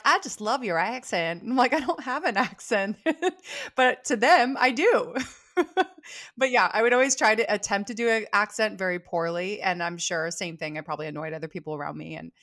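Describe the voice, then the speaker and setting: A woman's voice: medium pitch, fairly bright tone, no echo, clean studio sound. A woman hosting a casual chat as a salon owner, bubbly and chatty and laughing often. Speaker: podcast host and salon owner.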